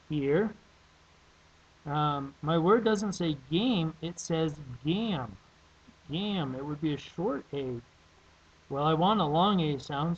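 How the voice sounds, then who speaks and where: A male teacher walks through a spelling and phonics lesson at a slow, deliberate pace. His voice sits a bit high for a man, and he repeats each word carefully. The recording is somewhat dull and lo-fi. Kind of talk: classroom lesson video.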